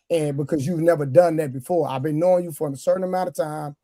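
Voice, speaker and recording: A man's voice: fairly high pitch, fast, few pauses, dark tone, no echo, studio quality. Emphatic man on a livestream panel. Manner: firm, emphatic. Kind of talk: heated panel chat.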